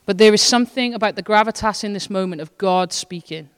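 A woman associate pastor preaches in a casual, heartfelt way, her voice smooth and resonant. Her intensity rises and falls as she speaks, and a long reverb from the church hall trails after her words. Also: mid-range voice, fairly quick. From Wales. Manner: earnest, conversational preaching with shifting intensity. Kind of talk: sermon.

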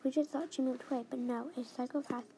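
A young female reader reading her own story aloud in the first person, halting and restarting phrases as she reads. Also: high voice, steady tone, dark tone, poor audio. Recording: faint background noise.

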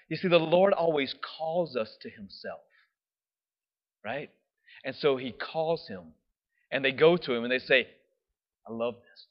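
A man preaching a sermon, telling the story with animated emphasis, often asking "right?", and dropping to a soft, slow voice for reflective points. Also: mid-range voice. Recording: dull lo-fi recording.

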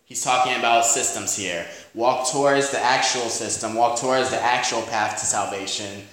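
Casting: a New York pastor with a mid-pitched voice, preaching casually in a church with a lot of echo. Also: male voice, normal speed, fairly bright tone. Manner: conversational, with frequent "you know" and "amen?". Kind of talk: sermon. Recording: very echoey church hall.

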